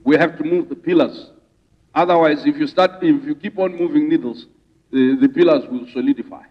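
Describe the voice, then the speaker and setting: A man's voice: a little high, a little fast. A man from Zimbabwe speaking as a rights advocate to a conference audience, stirring the room with repeated rhetorical questions. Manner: rousing, rhetorical questions, preacher-like repetition. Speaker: rights advocate giving a speech. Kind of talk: public speech to an audience. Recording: distant, dull hall recording.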